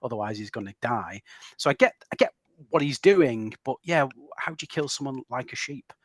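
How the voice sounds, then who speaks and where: A man's voice: mid-range voice, expressive, brisk, a bit bright, dry recording. A man hosting a film podcast, chatting casually with lots of restarts and tag questions. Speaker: podcast host.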